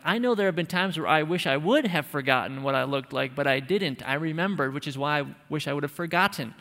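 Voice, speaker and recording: A male pastor preaches in an emphatic, conversational way with light humor. His voice sits slightly high. A long church-hall reverb trails his words. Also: fairly bright tone. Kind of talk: sermon.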